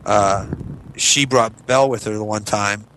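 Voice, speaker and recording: A man in his thirties telling stories in a casual podcast chat, lively when he quotes people. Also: lowish voice, unhurried, slight background noise, rough recording. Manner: animated, does loud voices when quoting people. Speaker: podcast co-host, father.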